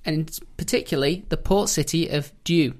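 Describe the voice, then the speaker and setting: A man's voice: a little high, moderate pace. A man talks through history on a podcast in a loose, joking style. He tells the story casually and breaks into laughter often. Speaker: podcast host.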